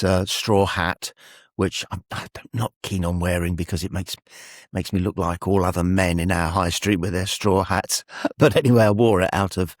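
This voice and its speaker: A man's voice: low-pitched, dry recording, clean studio sound. A man hosting, telling a rambling anecdote with wry humour and frequent chuckles. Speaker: radio host. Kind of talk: anecdotal monologue.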